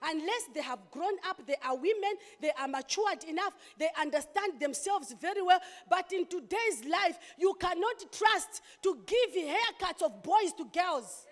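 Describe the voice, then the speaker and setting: A woman pastor delivering an impassioned sermon, with sudden loud outbursts. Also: very high voice, expressive, a little slow, hardly any pauses. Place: church hall. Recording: long hall reverb.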